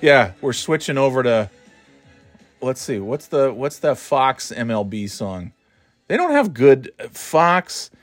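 Male solo podcaster, casual rambling chat, mid-pitched, offhand, sighs between thoughts. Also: big pitch swings, slow pace, no echo, soft background music. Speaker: podcast host. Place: at home.

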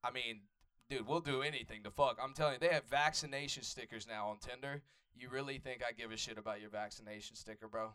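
Profane Atlanta stand-up comic. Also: male voice, medium pitch, pushed and bright, clear, resonant tone. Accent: Atlanta Southern US. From Atlanta, USA. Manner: loose, profane, riffs with the audience. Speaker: stand-up comedian. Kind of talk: stand-up crowd work. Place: comedy club stage.

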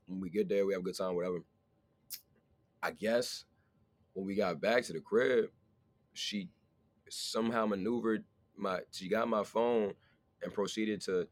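A young man telling stories in casual podcast banter, slangy and swearing freely, animated. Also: on the low side. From not from where the show is recorded. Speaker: podcast co-host, guest.

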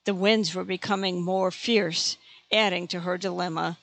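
Gravelly, steady audiobook narrator. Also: mid-range voice, normal speed.

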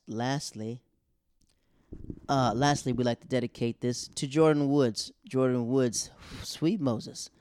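A young man hosting a podcast, telling funny stories casually and acting out quotes in loud raised voices. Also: mid-range voice, smooth, no room sound, clean studio sound. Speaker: podcast host. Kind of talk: casual comedic storytelling.

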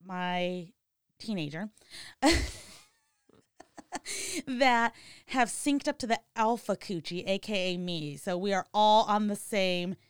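Crude, teasing woman with smooth voice. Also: mid-range voice, slow, long pauses, dry recording, studio quality. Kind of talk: casual chat.

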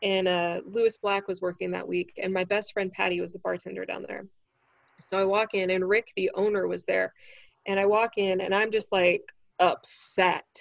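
A woman who is a standup comic, telling a story in casual chat, animated and swearing freely. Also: medium pitch, normal speed, vocal fry, no echo, dull audio. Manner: animated, acts out quoted voices, swears freely.

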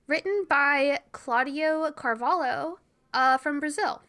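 A young woman co-hosting a podcast in casual chat, playful and quick to laugh. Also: sits high, pushed and bright. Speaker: podcast co-host.

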